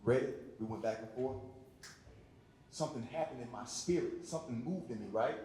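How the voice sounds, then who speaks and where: A man's voice: moderate pace, dark tone. A man, an actor and teacher on a panel, telling a story to a live audience in a loose, conversational way with lots of fillers. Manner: loose and conversational, full of fillers and repeated words. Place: large hall at a community event. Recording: very echoey hall with faint rumble.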